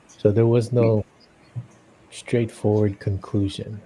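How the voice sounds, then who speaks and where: Speaking slowly in a fairly low, mellow voice with flat delivery, a man co-hosts a drawing livestream indoors. He chats casually while drawing, laughs often, and lets sentences trail off.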